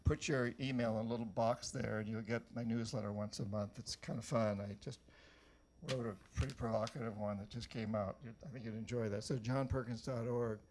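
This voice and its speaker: Speaking fairly quickly in a steady, mid-range voice that's a little mellow, an older author from New Hampshire, USA, gives a rousing motivational talk to a live audience. He tells stories and fires questions at the crowd, and there's a little hiss or hum.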